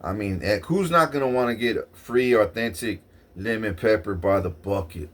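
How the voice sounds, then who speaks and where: A man with a lowish voice vlogs at a moderate pace, telling a long, rambling first-person story. He swears often, keeps restarting his sentences, and sounds excitable.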